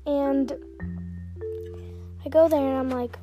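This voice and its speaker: A woman hosting a podcast, telling a personal story in a casual, rambling way with lots of "like" fillers, soft-spoken and sometimes slipping into a whisper. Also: sits high, fairly even intonation, unhurried, music in the background. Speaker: podcast host.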